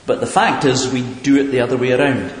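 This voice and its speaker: A man's voice: mid-range voice, fairly even intonation, a little fast, slight background noise. Guy preaching a sermon, earnest and questioning, lots of echo from a big hall. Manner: earnest, questioning, with hesitant repeats. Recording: echoey hall, far from the mic.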